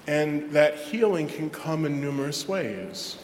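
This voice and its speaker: A man, a Catholic parish priest, preaching a sermon in a chatty, self-deprecating way with lively asides. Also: on the high side, measured pace, slight background noise. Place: large church. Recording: echoey church with long reverb.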